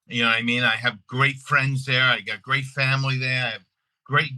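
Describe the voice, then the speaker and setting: A middle-aged man from Long Island, telling family stories in a casual, animated way, often restarting his sentences. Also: mid-range voice, moderate pace, no echo, rough recording. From Long Island, New York. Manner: animated, restarts often, acts out quoted voices. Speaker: guest. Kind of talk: casual storytelling.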